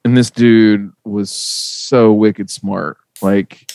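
Gravelly low-voiced Midwestern podcast host. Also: male voice, drawn-out words, dry recording. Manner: profane, animated storyteller. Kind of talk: casual chat.

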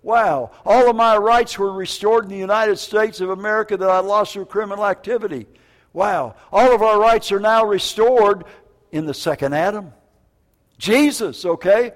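An older man preaching a sermon as a prison minister, telling stories in an animated, jokey way with stammered restarts. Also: high voice, moderate pace. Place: church. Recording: reverberant church hall.

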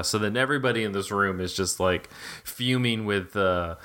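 A man's voice: lowish voice, moderate pace, bright, forceful tone. A man in casual film talk on a podcast, rambling with lots of fillers, restarts and swearing. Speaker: podcast co-host.

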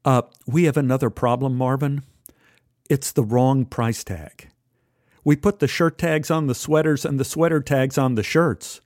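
A man voicing his own fifteen-year-old self, a frantic boy in a storytelling piece, in a shrill, panicky voice. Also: steady tone, a little slow, a little mellow, no echo, studio quality, natural voice. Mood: worried.

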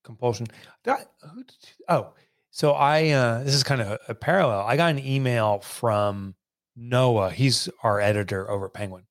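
A man hosting a casual podcast chat, telling lively stories and mimicking accents. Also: medium pitch, moderate pace, no room sound, studio quality. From Northeast United States. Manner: animated storyteller, mimics accents. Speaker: podcast host.

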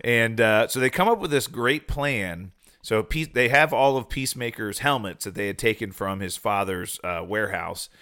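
A man in a casual chat, animatedly retelling a TV episode and acting out the characters' lines. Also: lowish voice. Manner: animated retelling, acting out dialogue in quick voices. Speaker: podcast co-host.

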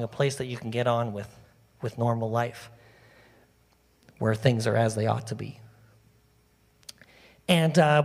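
Male preacher, chatty and animated with the congregation, slightly high pitch, recorded in a big echoing hall. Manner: animated, conversational, talks directly to the congregation. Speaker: pastor. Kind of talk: sermon. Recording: long reverb of a large hall.

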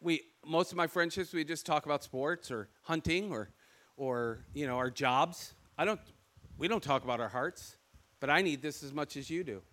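A man voicing his plainspoken, rugged hunter friend in a lower, quieter, matter-of-fact tone. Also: moderate pace, close to an everyday voice. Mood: earnest.

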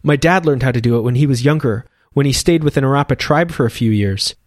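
A bright, eager young boy castaway, raised a little higher and earnest in his telling, as a male storyteller puts him on. The sound is close and dry, with no room around it. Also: quick pace, dry recording, close to an everyday voice.

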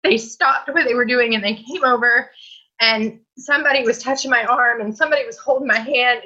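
A woman's voice: a little high, fairly even intonation, a little fast, sharp tone, slightly rough, highs cut off. A woman guest telling a personal story in a chatty, earnest way that often breaks into laughter.

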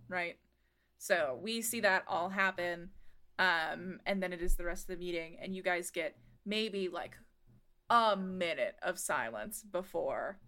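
Bright-voiced woman running a tabletop game. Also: lowish voice. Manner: chatty, hesitant with fillers. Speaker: game master.

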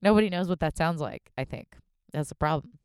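A young woman hosting a solo podcast from her car, a little hoarse, rambling and self-deprecating with lots of fillers. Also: sits low, a little fast, darkish tone, dry recording, clean studio sound. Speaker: podcast host. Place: in a parked car.

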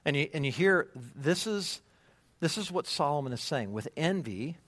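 A male pastor preaching a sermon, emphatic and animated, checking in with the congregation through rhetorical questions. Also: mid-range voice, no room sound.

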